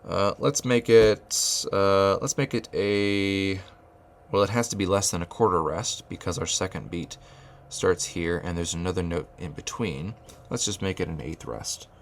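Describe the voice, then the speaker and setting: A man's voice: deep voice, measured pace, slight background noise. A man teaching rhythm at a whiteboard, thinking aloud with fillers and restarts and chanting rhythm syllables. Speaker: music teacher.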